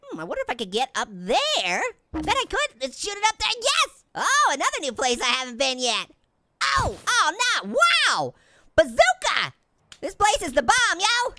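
Pitched extremely high with huge swings, the voice moves at normal speed over a noisy background. It belongs to a let's-play host giving heavily acted, excited commentary as a hyper talking orange, a giggly, goofy cartoon prankster who gleefully cracks jokes constantly.

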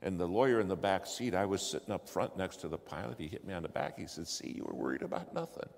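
A man telling a story in a sermon, acting out the dialogue and swinging from hushed asides to loud exclamations. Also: low-pitched, quick pace. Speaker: preacher telling a testimony. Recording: long hall reverb, faint ambience.

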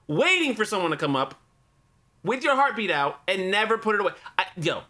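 A man's voice: extremely high pitch, bright, forceful tone. A young man giving casual, profane commentary while spectating a shooter game, trash-talking and barking repeated warnings at the player. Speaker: gaming YouTuber.

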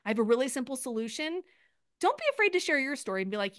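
Peppy woman sales coach on a video call, a bit high voice, dry sound, chatty and quick to restart. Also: dry recording. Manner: energetic, chatty, fast restarts. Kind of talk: live video training call.

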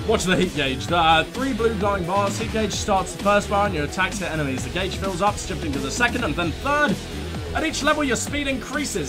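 A man hosting a let's play, joking through the game and reading the subtitles aloud in silly voices. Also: high-pitched. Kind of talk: gameplay commentary. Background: game music.

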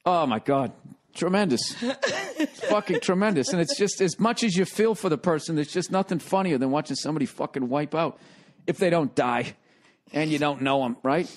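Man, 40s, from the US, high-pitched, podcast host, animated, swears, laughs mid-story. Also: normal speed. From United States. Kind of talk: casual storytelling.

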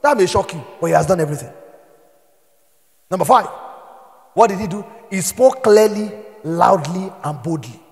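A Nigerian man preaching a sermon as pastor, moving between quiet storytelling and shouted exhortation. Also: sits high, expressive, moderate pace, vocal fry, pauses often, in a large hall.

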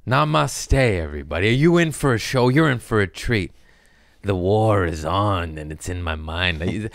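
A man's voice: sits low, no echo, clean studio sound. A man in his thirties hosting a comedy podcast, rambling through the intro with self-mocking jokes and a lot of cussing.

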